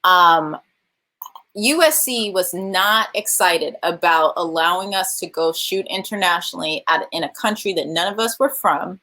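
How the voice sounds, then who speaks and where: Californian woman director on a video call, lively storyteller, does the voices of people she quotes, laughs a lot. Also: fairly low pitch, normal speed. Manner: animated, laughs often, acts out quoted voices. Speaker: film director. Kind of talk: virtual interview storytelling.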